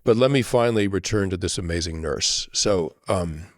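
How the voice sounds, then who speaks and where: Low-voiced guy, podcast guest, earnest and reflective, keeps saying right?, dry close sound. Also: moderate pace, no room sound. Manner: earnest, often tags sentences with "right?". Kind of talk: reflective conversational storytelling.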